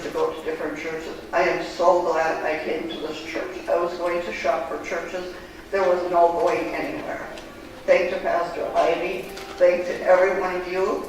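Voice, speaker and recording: A woman giving a heartfelt personal testimony at church, in halting, storytelling speech. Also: lowish voice. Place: church sanctuary. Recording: echoey church hall, distant mic, background noise.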